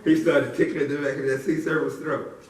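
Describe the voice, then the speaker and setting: A man's voice: fairly high pitch, little pitch movement, a little fast, a little hiss or hum. A man telling a silly story to a live audience with playful call-and-response build-ups. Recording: echoey room from far off.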